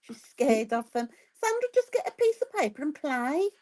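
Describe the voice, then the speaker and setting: A woman's voice: high voice, big pitch swings, moderate pace, a little mellow. A woman with a Birmingham accent co-hosting a craft live stream, relaying viewer comments and encouraging them. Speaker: co-host reading viewer comments. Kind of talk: casual live-stream chat.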